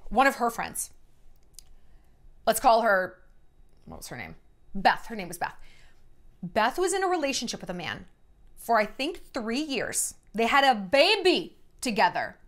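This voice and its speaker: A woman in her thirties talking to camera in a casual, sarcastic vlog, acting out quotes as she tells stories. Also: fairly high pitch. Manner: chatty, sarcastic, animated quoting of others. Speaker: vlogger. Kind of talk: casual storytelling monologue.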